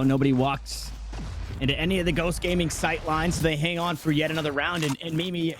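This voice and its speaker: A man casting an esports match with play-by-play commentary, talking in excited bursts with frequent restarts. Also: a little high. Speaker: esports caster.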